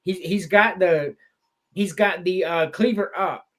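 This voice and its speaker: A man co-hosting a podcast in casual chat, who swears freely and retells movie scenes with loud acted-out quotes. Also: high voice, measured pace. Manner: animated, swearing, acts out quotes in loud voices. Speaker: podcast co-host.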